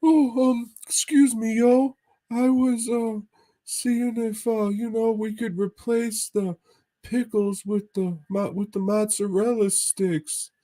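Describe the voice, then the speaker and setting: A man's voice: very high-pitched, steady tone, takes it slowly, warm tone, pitched above the performer's own voice, low-quality recording. A man voicing his male friend as an awkward, hesitant speaker who is hard to understand. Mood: apologetic. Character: fumbling high-voiced male friend, awkward.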